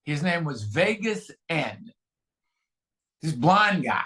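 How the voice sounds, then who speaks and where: A man gives a candid, self-mocking recovery share. His voice sits high for a man and sounds bright and forceful. He tells his story plainly and often restarts his sentences. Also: big pitch swings, slow. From California, USA. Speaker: guest speaker at a recovery meeting.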